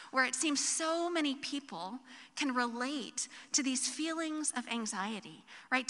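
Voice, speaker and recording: A woman pastor preaching in a church sanctuary, her high, bright voice carrying a long reverb through the hall. She talks in a warm conversational way, telling stories and checking in with the congregation as she goes. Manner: conversational, tag questions and animated storytelling. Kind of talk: sermon.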